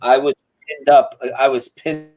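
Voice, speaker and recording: A man tells a story in a loose, animated way, stops to mimic thuds and footsteps, and swears without a second thought. His voice sits at an ordinary middle pitch and comes through a video call. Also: unhurried, muffled recording, crowd noise. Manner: animated, imitates sounds, swears freely. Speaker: interview guest. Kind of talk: casual storytelling.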